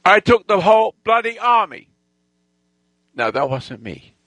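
A man telling a rambling, boastful personal story, halting with restarts and lost threads. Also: sits high, big pitch swings, fairly bright tone, no echo, rough recording. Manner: boastful, self-assured storytelling.

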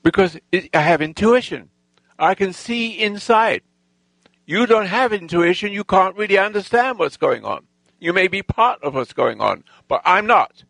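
Man, gravelly and slow-spoken, lively pitch, self-assured, halting anecdote teller. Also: dry recording, low-quality recording. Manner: halting, with restarts and lost threads; boastful, self-assured storytelling. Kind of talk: rambling personal anecdote.

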